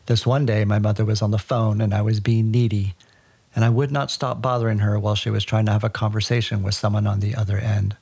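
Gravelly, husky male storyteller. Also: on the low side, fast. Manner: wry, deadpan storytelling. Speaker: podcast storyteller. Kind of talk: personal story narration.

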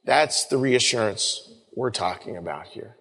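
A man's voice: lowish voice, animated, unhurried, vocal fry, bright, forceful tone. A male pastor giving a sermon in a conversational way, often repeating words and calling his listeners folks. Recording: long reverb of a large room.

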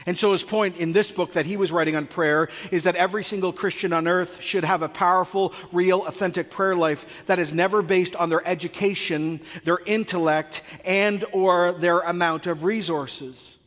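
A male pastor from North America preaching a sermon, acting out comic dialogues in an animated way. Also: sits high, normal speed, hardly any pauses, in a large hall.

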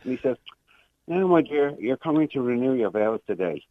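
An Irish man in his sixties phones in to a radio show and rambles through a long story, acting out the voices of the people in it. His mid-range voice has lively intonation and a moderate pace, heard without echo over a muffled phone line.

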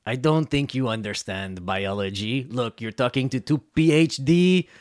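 A man's voice: mid-range voice, expressive, moderate pace, close to an everyday voice. A man voicing a blustering French-Canadian brother who calls himself a doctor, in an improvised comedy sketch. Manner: mock-formal, blustering.

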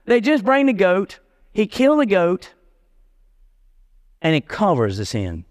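A man preaching from the pulpit in a loose, joking, slang-filled way. His voice sits a little high, and a long hall reverb rings after his words. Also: unhurried. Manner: lively, casual street-talk preaching with jokes. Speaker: pastor. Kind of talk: sermon.

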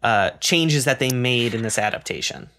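A man's voice: medium pitch, lively intonation, moderate pace, pushed and bright. A man co-hosting a casual film review chat, agreeable and enthusiastic. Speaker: podcast co-host.

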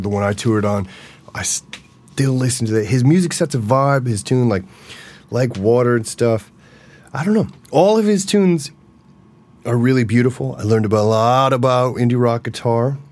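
A man's voice: lowish voice, a little mellow. A man hosting a casual solo podcast, talking in a rambling, enthusiastic way and laughing often, from a practice room. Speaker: musician and podcast host.

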